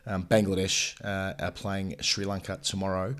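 A man's voice: deep voice, level tone, moderate pace, a bit bright. A man in his thirties hosting a cricket podcast, chatting casually with plenty of ums. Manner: hesitant, lots of ums. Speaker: podcast host. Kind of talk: casual cricket chat and read sponsor spot.

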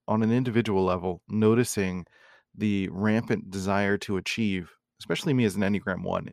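Low gravelly-voiced man musing on his podcast. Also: no echo, clean studio sound. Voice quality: low morning voice. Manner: rambling, reflective, many fillers and restarts. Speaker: podcast host. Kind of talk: casual solo podcast monologue.

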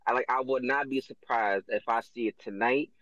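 A man trolls his friends in a heated sports chat, quick to giggle and laid-back. His mid-pitched voice comes through on dull lo-fi phone audio that sounds dry and close. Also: a bit bright, no echo.

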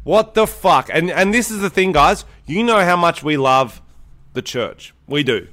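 A man's voice: a little high, animated, unhurried, a bit bright. A young Australian man co-hosting a podcast, joking around and swearing freely in casual banter. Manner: crude, sweary and jokey. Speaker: podcast co-host.

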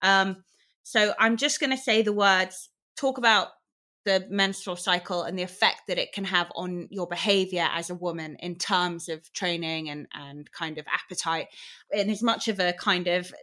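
A woman's voice: lowish voice, fairly even intonation, normal speed, sharp tone. A woman hosting a podcast, asking her questions in a chatty, rambling way. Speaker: podcast host. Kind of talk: casual podcast interview.

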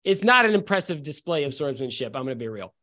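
A man's voice: a little high, sing-song, fast talker, bright, forceful tone. A man narrating as game master in a casual, joking way.

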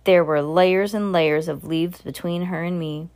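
A woman with a low, deep voice reading a children's novel aloud. She narrates earnestly, with small stumbles and restarts, as an amateur reader. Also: steady tone, a little slow, a little mellow.

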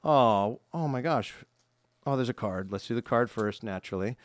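A man's voice: medium pitch, lively intonation, moderate pace, dry recording. Upbeat man co-hosting a podcast. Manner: chatty, upbeat, reads fan mail aloud. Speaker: podcast co-host. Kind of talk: casual podcast chat. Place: podcast studio.

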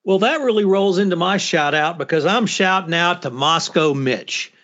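A man hosting a casual panel chat, moderating and ranting with sarcastic, animated delivery. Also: high-pitched, moderate pace. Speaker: podcast host. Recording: dull lo-fi audio.

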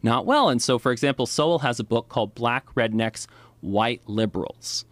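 A man's voice: mid-range voice, normal speed, no echo. A man in casual conversation, explaining ideas at length and often checking in with "right?" and "you know.". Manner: lively, frequent "right?" and "you know" fillers.

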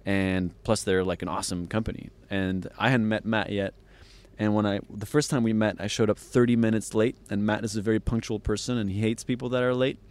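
A young man from France, a podcast guest telling stories in a loose, lively way and acting out what people said. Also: lowish voice, a little fast. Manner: animated storyteller, acts out quoted voices. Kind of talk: casual storytelling.

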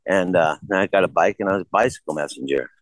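A man's voice: low-pitched, quick pace, no echo, poor audio. A man casually telling rambling, profane stories and acting out the dialogue. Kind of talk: casual conversation.

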